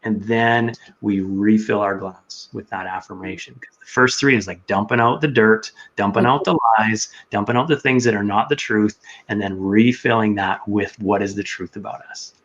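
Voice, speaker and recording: A man's voice: lowish voice, moderate pace, hardly any pauses, fairly bright tone. A man telling his story earnestly as a podcast guest, sometimes acting out his own inner voice. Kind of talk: casual chat. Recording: dull lo-fi sound.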